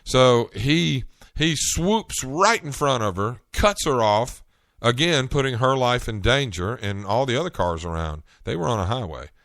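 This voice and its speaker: A Southern-accented podcast host from North Carolina chats and tells stories in a solo monologue, restarting himself frequently. His mid-range voice is animated and fairly bright, a little slow but with few pauses, in clean studio sound with no room sound.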